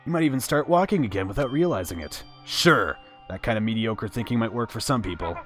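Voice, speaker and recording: Brief: brash tough young male gang leader, shouty, put on by a male streamer. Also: mid-range voice, animated, brisk, soft background music, lightly acted. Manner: gruff, shouting.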